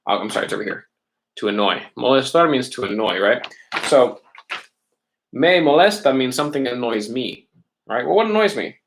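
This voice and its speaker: A man's voice: medium pitch, sing-song, moderate pace, a bit bright. A male teacher explaining worksheet examples step by step in a casual online class, often checking in with "right?". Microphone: laptop or webcam mic.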